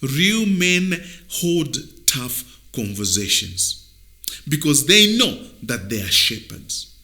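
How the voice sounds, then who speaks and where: A man hosting a motivational video, speaking emphatically like a preacher, dropping to near-whispers and then rising loud. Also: medium pitch. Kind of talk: motivational talk.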